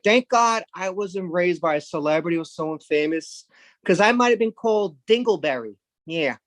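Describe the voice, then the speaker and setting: A man from Brooklyn, doing a rambling, deadpan stand-up set. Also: sits high, no room sound. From Brooklyn, New York. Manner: rambling, deadpan, with sudden loud jumps into put-on voices. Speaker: stand-up comedian.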